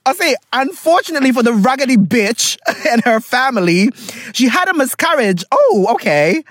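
Casual storytime vlogger, a very expressive, bouncy delivery full of laughs and reactions, recorded dry and close. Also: sits high, moderate pace, no room sound. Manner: animated, laughs often, dramatic reactions; switches between reading aloud and commentary. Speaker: vlogger reading a viewer's letter.

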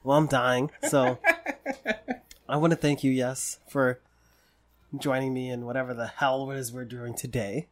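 A man's voice: medium pitch, little pitch movement, a little slow, pauses often. A man hosting a podcast in casual chat, tipsy, rambling and joking loosely. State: drunk. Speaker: podcast host.

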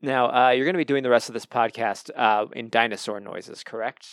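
A man's voice: medium pitch, a little fast, a bit bright, no room sound, studio quality. A man hosting a casual podcast, teasing his co-host with jokes. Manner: jokey, teasing.

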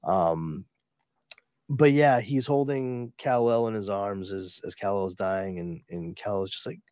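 Rambling, low-voiced comics podcast host. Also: male voice, a little slow, a little mellow, dry recording. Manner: rambling, profane, many fillers. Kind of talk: casual podcast recap.

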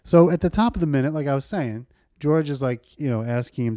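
A man's voice: medium pitch, moderate pace, dark tone, no room sound. Giggly male podcast co-host retelling scenes. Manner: laughs often, recounts scenes by acting out quotes. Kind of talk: casual chat.

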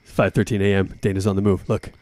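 A man voicing a gruff, hard-bitten cop on a stakeout, talking low and tersely. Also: level tone, fast, close to an everyday voice. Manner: terse, hushed growl.

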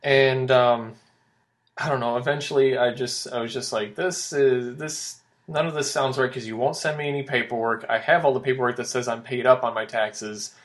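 A man's voice: mid-range voice, fairly even intonation, normal speed. A young man co-hosting a casual podcast, telling a long story with lots of fillers and restarts. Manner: rambling storytelling with many fillers. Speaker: podcast co-host.

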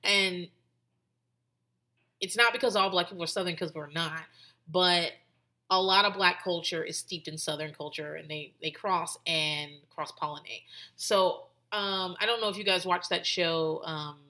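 A woman's voice: on the low side, unhurried, pushed and bright. A woman hosting a podcast in casual chat, talking in a loose, rambling way full of "like" and restarts and swearing freely. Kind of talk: casual commentary.

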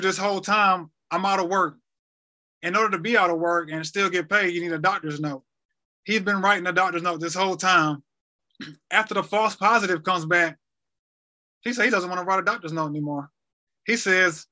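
A man of thirty, a podcast guest, retelling a hard medical ordeal in a halting way, often repeating words. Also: high voice, pushed and bright. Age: 30s. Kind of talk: emotional personal story.

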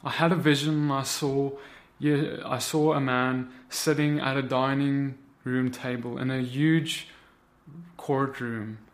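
A man's voice: medium pitch, level tone, slow pace. A man preaching a sermon, recounting a vision and building into impassioned, repetitive exhortation.

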